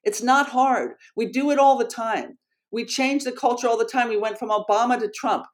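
A middle-aged woman researcher and author, telling a story as an interview guest in an earnest, animated way, with frequent restarts. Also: a little high, normal speed.

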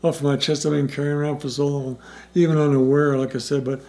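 A middle-aged man recounting his recovery story in a loose, rambling way, stopping and restarting and acting out conversations. His voice is gravelly and mellow. He speaks in an even, flat line. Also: on the high side, quick pace. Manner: rambling, with many restarts and quoted dialogue. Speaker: interviewee in recovery.

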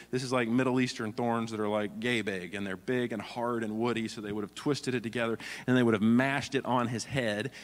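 A man preaching a sermon, earnest and demonstrative, often reading scripture aloud. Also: mid-range voice. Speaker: pastor. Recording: long hall reverb.

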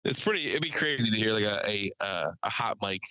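A man's voice: fairly low pitch, expressive, pushed and bright, smooth, no room sound, rough recording. A man co-hosting a podcast, telling crude jokes and rambling stories in casual chat. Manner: joking, profane storytelling with quick asides. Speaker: podcast co-host.

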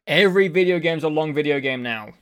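A man's voice: a little high, expressive, fast, clean tone. A man co-hosting a casual podcast chat, answering in short, laid-back remarks. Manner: brief, laid-back replies. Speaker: podcast co-host.

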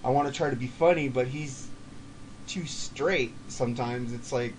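A man's voice: mid-range voice, normal speed, slight background noise. A man telling heated stories on a podcast, swearing freely. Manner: profane, heated storytelling. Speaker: podcast guest. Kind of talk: casual podcast chat.

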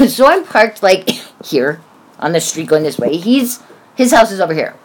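Blunt sarcastic woman telling a story, lots of cussing, very lively up and down voice. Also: mid-range voice, measured pace, breathy edge. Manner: blunt and profane, sarcastic asides. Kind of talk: casual storytelling.

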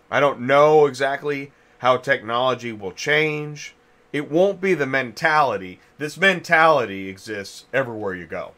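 Host, male, bright edge, rambling talker, mid-range pitch, chewing a cough drop. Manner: rambling, thinks aloud with many restarts. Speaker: podcast host. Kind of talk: casual industry chat.

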